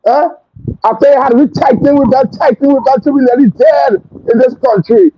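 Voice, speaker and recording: A man's voice: very high voice, a little fast, husky. A man with a Trinidadian accent hosting a talk show, delivering a fiery, scornful political rant full of repetition. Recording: dull lo-fi stream audio with faint hiss.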